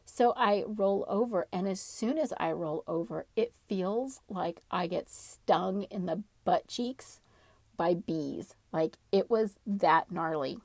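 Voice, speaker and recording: A woman telling a personal story casually, in an animated, dramatic way. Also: medium pitch, slow pace, no echo.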